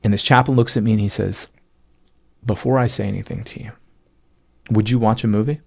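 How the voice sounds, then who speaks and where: A man's voice: on the low side, steady tone, a little fast, vocal fry, darkish tone. A man, a podcast guest, telling a personal testimony in an emotional storytelling way, full of fillers and acted-out bits of dialogue. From United States.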